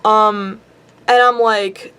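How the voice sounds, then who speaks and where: A woman's voice: medium pitch, fairly even intonation, drawn-out words, pushed and bright, smooth. A young woman vlogger telling a rambling story to camera, giggling and squealing now and then.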